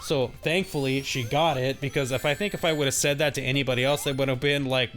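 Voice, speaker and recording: With faint music behind him, a young man talks fairly quickly in a mid-range, slightly bright voice. During gameplay, this gaming channel co-host casually rambles through a story, laughing and mimicking the voices of the people involved.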